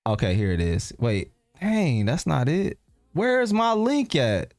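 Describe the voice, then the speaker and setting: A man's voice: a little high, sing-song, unhurried, darkish tone, dry recording, faint music behind. A man hosting a casual live stream, laid-back and rambling as he talks to his viewers.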